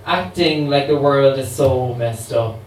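A man's voice: medium pitch, measured pace, soft background music, lightly acted. A man reading a poem in the voice of a sassy, weary, immortal female voodoo queen, with a wry monologue delivery. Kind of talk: dramatic poetry reading. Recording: roomy, distant mic, faint ambient noise.

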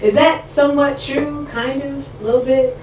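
A woman performing spoken word poetry live, with a measured, rhythmic recitation and loose, laughing asides between pieces. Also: sits high, fairly even intonation, darkish tone, faint music behind. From United States. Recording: echoey distant live room recording.

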